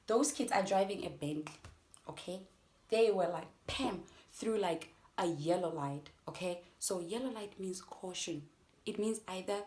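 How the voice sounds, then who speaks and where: Animated young South African woman vlogger. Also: on the low side, normal speed. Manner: animated, addresses viewers as guys. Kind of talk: storytime vlog.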